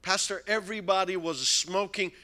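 A man preaching a storytelling sermon, animated, with broken-English phrasing and frequent chuckles. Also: high voice, moderate pace.

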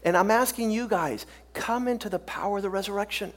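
A man preaching from the pulpit as a pastor. He talks in a loose, conversational way full of restarts and repeated words, then builds to fervent, loud, emphatic bursts. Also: high-pitched, a little fast. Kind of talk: preaching a sermon.

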